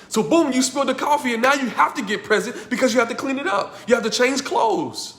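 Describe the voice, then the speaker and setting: Male motivational coach in an echoey room, emphatic and repetitive, shifts between hushed tones and loud bursts. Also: extremely high pitch, animated, fairly quick, hardly any pauses. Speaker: life coach teaching a masterclass. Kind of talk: motivational class talk.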